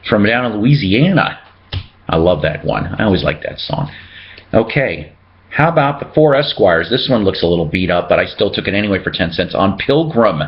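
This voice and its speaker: Man, casual collector vlog, reads labels aloud, self-mocking jokes, dull lo-fi audio. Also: lowish voice. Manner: chatty, jokey, reads out record labels. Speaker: record collector host. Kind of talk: casual show-and-tell vlog.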